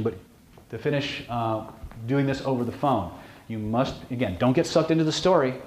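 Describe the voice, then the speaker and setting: A man's voice: mid-range voice, darkish tone. A man teaching a seminar on hypnosis and lie detection, blunt and joking, often asking "okay". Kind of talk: casual seminar lecture to a live group. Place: seminar room with audience. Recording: echoey room, faint noise.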